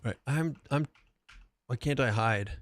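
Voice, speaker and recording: Male streamer, mid-pitched, loose rambling live-stream chat with viewers, lots of casual swearing. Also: a little slow, no room sound. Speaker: game streamer.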